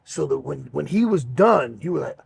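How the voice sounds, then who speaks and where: A middle-aged man hosting a podcast, telling stories in a relaxed, rambling way, swearing freely. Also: fairly high pitch, normal speed, creaky, noisy background. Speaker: podcast host and pro wrestler. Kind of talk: casual storytelling chat.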